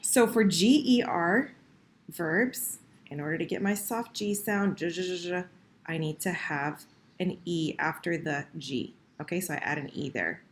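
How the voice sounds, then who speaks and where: A woman's voice: fairly low pitch, a little slow, a little hiss or hum. A woman teaching French verb conjugation in a screen-recorded lesson, patient and correcting herself as she types. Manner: patient, self-correcting, talks while typing.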